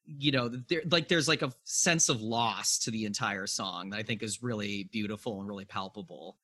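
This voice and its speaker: A man's voice: lowish voice, moderate pace, pushed and bright, dry recording. A man hosting a podcast, talking about a song in a thoughtful, reflective way. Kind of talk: casual music discussion.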